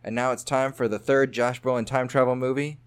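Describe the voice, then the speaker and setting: A man's voice: medium pitch, fairly even intonation, fairly quick, clean tone. A man co-hosting a podcast in casual chat, jokey and loose, laughing often. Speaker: podcast co-host.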